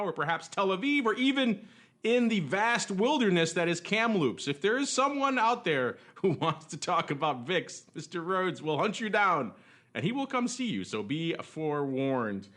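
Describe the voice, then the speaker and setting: A man's voice: sits high, fairly bright tone. A man hosting a podcast in casual chat, jokey and rambling with frequent chuckles. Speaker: podcast host.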